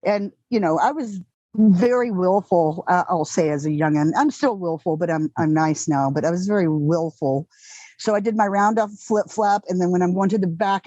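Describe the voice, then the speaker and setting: A middle-aged woman with a Texan accent telling candid, animated stories in an interview, swearing freely and acting out the people in them. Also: fairly low pitch, normal speed, no echo, dull audio. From Texas. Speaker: actress guest. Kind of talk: casual interview storytelling.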